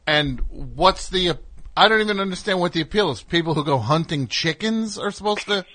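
A man hosting a comedic call-in radio show, sarcastic and incredulous, riffing deadpan bits with a caller. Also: high voice, a little fast, no room sound. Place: radio studio. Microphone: studio mic.

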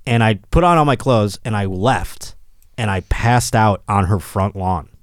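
A man with a fairly low voice hosts a casual podcast chat. He rambles through self-deprecating stories full of stops and restarts. The sound is close and dry, with no room around it. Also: a little slow, no echo. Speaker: podcast host. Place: studio room.

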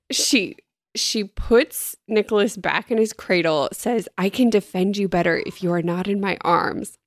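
A woman's voice: mid-range voice, unhurried, no room sound, studio quality. A woman in casual podcast chat, reading horror passages aloud dramatically and laughing often. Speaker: podcast co-host recapping a book.

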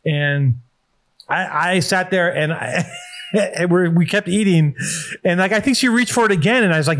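A man's voice: high voice, normal speed, fairly bright tone. A man hosting a podcast, telling a rambling, profane story in casual chat and reading an ad. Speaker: podcast host.

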